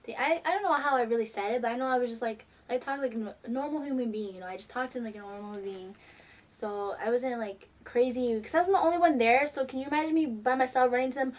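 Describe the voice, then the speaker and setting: Teenage girl, slightly high voice, excited, rambling, lots of fillers. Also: quick pace. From New York. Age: teens. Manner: gushing, rambling, many fillers. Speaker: fan vlogger. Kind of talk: excited casual storytelling.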